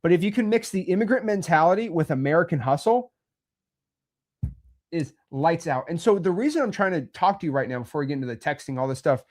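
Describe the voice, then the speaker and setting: A man's voice: fairly high pitch, expressive, quick pace, darkish tone. Blunt, pushy man giving a pep talk. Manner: blunt, pushy, repeats himself. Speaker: host. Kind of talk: motivational talk.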